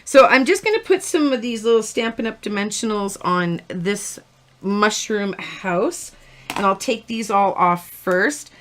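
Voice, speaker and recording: A woman's voice: mid-range voice, expressive, unhurried. A middle-aged woman hosting a live card-making tutorial, chatty and rambling, laughing at her own stories as she works. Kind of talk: live-stream crafting tutorial.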